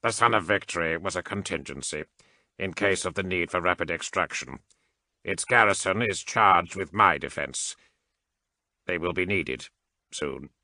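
A man voicing a deep, bright-edged emotionless machine adept. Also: normal speed, no echo. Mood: cold. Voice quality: mechanized, emotionless. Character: cold mechanical cyborg male adept, calm and unfeeling.

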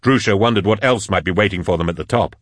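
A man reading an action audiobook in a steady, dramatic scripted narration. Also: fairly low pitch, fast talker, dry recording, studio quality.

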